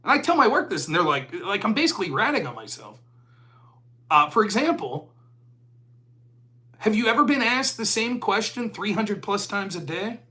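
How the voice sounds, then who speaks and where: Animated, bright-voiced American man. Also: high-pitched, normal speed, long pauses. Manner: animated storytelling, acts out dialogue, swears freely. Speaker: podcast host. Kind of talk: casual monologue.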